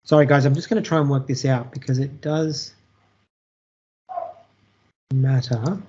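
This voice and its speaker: A teacher walks an online class through a software demo in a chatty way and keeps asking "all right?". The voice comes over a computer mic on a video call. The sound is muffled and lo-fi. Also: mid-range voice, fairly even intonation, a little slow. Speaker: teacher presenting a workshop. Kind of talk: live online tech demonstration.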